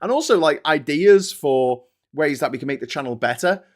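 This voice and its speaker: A man's voice: fairly high pitch, lively intonation, moderate pace. A middle-aged man with an English accent hosting a casual live-stream, chatty and restless, laughing often as he mocks trolls and critics. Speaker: host.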